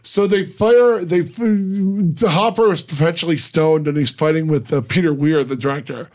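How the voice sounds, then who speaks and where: A man's voice: a little high, normal speed, darkish tone. A man co-hosting a radio talk show, teasing his co-host and telling set stories. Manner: storytelling, teasing. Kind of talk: casual radio chat.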